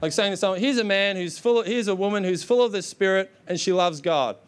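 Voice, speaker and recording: Young male preacher, high-pitched, energetic exhorting sermon delivery. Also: quick pace, clean tone. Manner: energetic, exhorting with repeated "come on".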